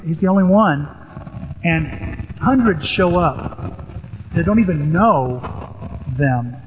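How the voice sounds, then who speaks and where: A man preaching a sermon with a Southern Illinois accent, animated, acting out biblical speakers in a raised voice. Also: sits high, lo-fi sound, slight background noise. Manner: animated, acts out Joseph's lines in a raised voice. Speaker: pastor. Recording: poor-quality recording in a big reverberant hall.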